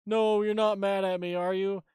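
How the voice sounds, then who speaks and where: A man's voice: high-pitched, flat delivery, normal speed, a little mellow, clean tone, no echo, clean studio sound, natural voice. A man putting on the voice of a disturbed little girl who treats zombies as friends, in a raised, whiny tone while retelling a show scene. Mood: pleading.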